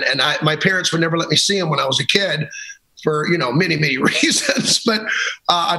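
A man's voice: a little high, sharp tone, rough recording. An American man, a guest on the podcast, telling stories in an easygoing, laughing way. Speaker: guest, singer and vocal coach. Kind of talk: casual interview chat.

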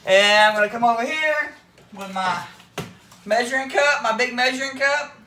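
A man's voice: very high-pitched, normal speed, pushed and bright, slight background noise. A man with a Southern US accent hosting a casual home cooking vlog. He jokes crudely and keeps repeating "that's right, folks.". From Florida, US. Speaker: cooking video host. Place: home kitchen. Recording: echoey room, voice off-mic.

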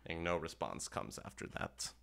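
A man's voice: deep voice, lively intonation, normal speed, creaky, fairly bright tone. A man narrating as game master of a tabletop game in an easygoing way.

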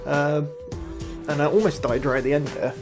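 A gaming channel host giving let's play commentary, excitable, laughing often and talking to themselves. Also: medium pitch, normal speed. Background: game music.

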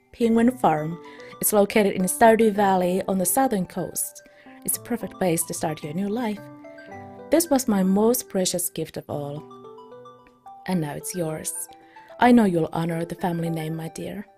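A woman voicing a gentle elderly grandfather from a video game, reading his farewell letter in a soft, hushed, lowered voice. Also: lightly acted.

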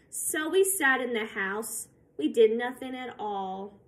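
A woman reading a picture book aloud to children, slow and expressive, pausing to ask her listeners questions. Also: on the high side. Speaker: storybook reader.

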